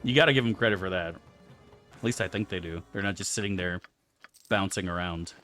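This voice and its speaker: A young man streams a game and chats casually with viewers in a laid-back, joking, profane way. His voice is deep, a bit bright, and fairly quick, with soft background music.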